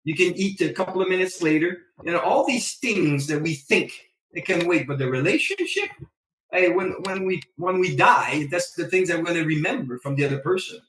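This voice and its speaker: Animated man telling stories in an echoey room. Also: high voice, a little fast, far from the mic. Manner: animated storyteller, acts out his own lines. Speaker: podcast guest. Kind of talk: casual chat. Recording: echoey room, away from the mic.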